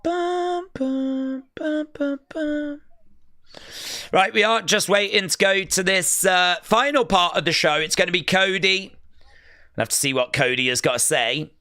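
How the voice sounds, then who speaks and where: A man with a fairly high, bright and forceful voice gives running commentary on a live stream. He reacts excitably to each moment and reads chat messages aloud between his own remarks. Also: moderate pace, clear, resonant tone. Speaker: livestream host.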